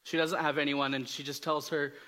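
A man's voice: fairly high pitch, little pitch movement, brisk, pushed and bright. A man giving a casual storytelling sermon, joking about himself, with many fillers and restarts. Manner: conversational, self-deprecating humor, frequent fillers and restarts. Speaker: preacher.

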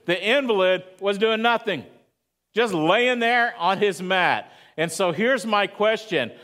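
A man's voice: sits high, a little slow, a bit bright. A man preaching a sermon at church, talking conversationally and asking the congregation questions. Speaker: pastor.

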